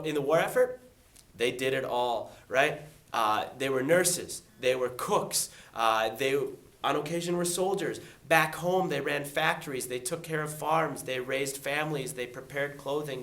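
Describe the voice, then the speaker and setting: A young male teacher giving a casual, jokey test review, lively and fond of acting out quick voices. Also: a little high.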